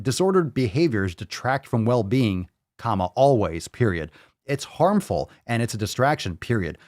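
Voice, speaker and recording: A man's voice: fairly low pitch, a little mellow, dry recording, clean studio sound. A man hosting a live-streamed podcast, ranting with sarcasm and heavy swearing. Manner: sarcastic, profane, mocking. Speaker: podcast host.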